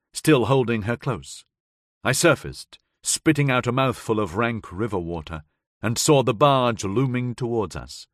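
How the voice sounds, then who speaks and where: A man narrating a first-person audiobook in a measured, dramatic storytelling manner. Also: medium pitch, a bit bright, no echo, studio quality. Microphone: close studio mic.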